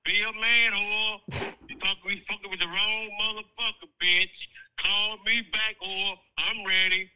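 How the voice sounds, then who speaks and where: A man's voice: high-pitched, flat delivery, unhurried, bright, forceful tone, clear, resonant tone, poor audio. A man leaving an angry, insulting voicemail that taunts the listener, played off a phone speaker held to the mic. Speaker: voicemail caller. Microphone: phone voicemail held up to the host's mic.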